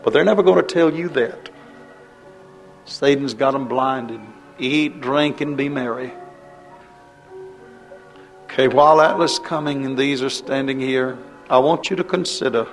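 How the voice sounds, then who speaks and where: A man preaching a fervent revival sermon, impassioned and pleading, his voice rising into high cries. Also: a little slow, vocal fry, long pauses, faint music behind.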